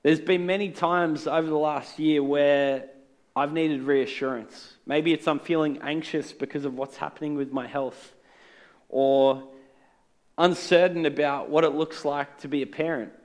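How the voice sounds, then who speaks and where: A man's voice: a little high, steady tone, a little slow. A man preaching a sermon in an earnest, conversational way with touches of humor. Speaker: pastor. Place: church.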